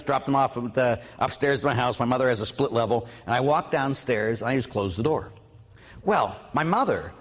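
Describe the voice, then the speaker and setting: A man's voice: mid-range voice, big-room sound. A middle-aged male priest preaching a mission talk, telling personal stories and asking the audience questions. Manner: storytelling, lively quoted voices, asks audience questions.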